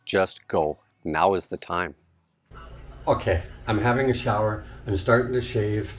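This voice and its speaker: A man's voice: lowish voice, a little slow. A middle-aged Canadian man with a Canadian accent, talking casually to camera outdoors in a vlog and laughing often. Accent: Canadian English. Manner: chatty, laughs often, talks straight to viewers. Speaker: vlogger. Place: outdoors at a house build site in the Philippines.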